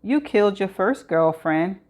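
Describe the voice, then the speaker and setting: A woman's voice: medium pitch, lively intonation, a little slow, darkish tone, close to an everyday voice. A woman voicing a cold, calculating male killer who talks in a weary, mocking way.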